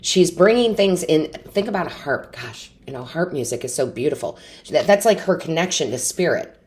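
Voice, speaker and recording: A woman's voice: low voice, lively intonation, normal speed, darkish tone. A woman giving an intuitive tarot reading to camera, earnest and encouraging, often asking rhetorical questions. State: tearful, emotionally overwhelmed. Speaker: tarot reader.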